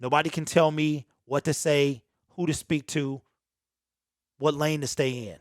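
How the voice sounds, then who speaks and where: This man's voice is a little high, with fairly even intonation and an unhurried delivery. Hosting his own sports channel, he gives viewers a raw, unedited monologue that is emphatic, repetitive, earnest and emotional, in clean studio sound with no echo.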